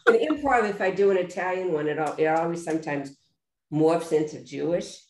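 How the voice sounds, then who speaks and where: A woman's voice: fairly low pitch, brisk, echoey room. A woman chatting and laughing at herself as she recalls her first stage play. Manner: chatty, self-mocking, laughs through stories. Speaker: amateur actor in a community play. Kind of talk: casual reminiscing chat.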